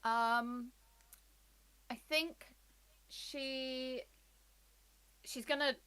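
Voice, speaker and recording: A woman's voice: high voice, steady tone, extremely slow, bright, forceful tone, smooth. A woman playing in a tabletop game, chatting casually and thinking aloud with some hesitation. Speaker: player.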